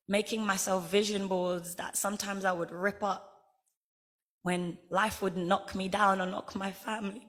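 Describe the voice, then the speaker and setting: A woman's voice: on the low side, a bit bright. A woman from Guyana with a Guyanese accent, giving an earnest, heartfelt acceptance speech at a ceremony and telling her story with emphasis. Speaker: honorary degree recipient giving an acceptance speech.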